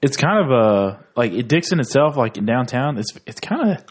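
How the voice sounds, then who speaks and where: A man's voice: medium pitch, very animated, normal speed. A young man from Tennessee, co-hosting a podcast and telling rambling, profane stories between laughs. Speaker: podcast co-host. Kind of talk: casual comedic chat.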